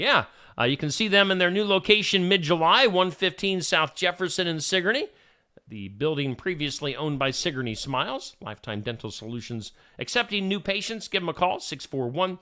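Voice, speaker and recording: A man's voice: high voice, sharp tone. A man hosting a morning radio show, reading odd news stories with joking asides in a chatty, casual manner.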